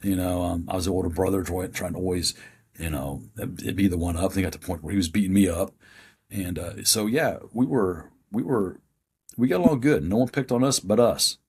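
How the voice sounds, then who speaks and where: A man in his fifties with a deep, very husky and raspy voice. He speaks as a podcast guest, telling his story in a plain-spoken, earnest way. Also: a little fast, darkish tone. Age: 50s.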